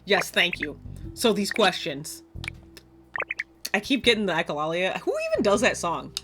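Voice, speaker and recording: A woman's voice: lowish voice, expressive, moderate pace. A woman casually commenting on a game she plays, chatty and rambling off on tangents. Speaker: gaming streamer. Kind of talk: casual let's play commentary. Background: game music.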